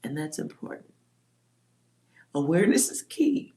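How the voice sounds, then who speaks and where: A woman's voice: low-pitched, sing-song, measured pace, mellow. A woman from Texas, talking casually and bluntly on a livestream as a psychic reader, swearing freely and laughing often.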